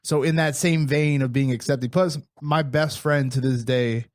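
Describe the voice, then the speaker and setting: This podcast co-host speaks at medium pitch with a steady tone and normal speed, swapping stories in casual chat and laughing often. It's a dry, clean studio recording.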